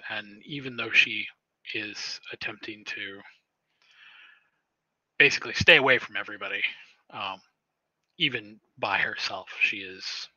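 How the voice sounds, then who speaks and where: A man narrating as storyteller in a tabletop role-playing game, halting with frequent pauses and restarts. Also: fairly low pitch, sharp tone, breathy edge, no room sound, highs cut off. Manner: halting, many fillers and restarts.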